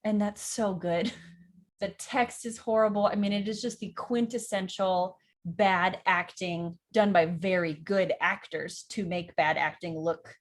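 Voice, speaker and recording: A woman's voice: medium pitch, fairly even intonation, measured pace. Enthusiastic woman teaching verse. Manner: enthusiastic, acts out quotes, nerdy about verse. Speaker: acting teacher and director. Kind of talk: casual educational vlog.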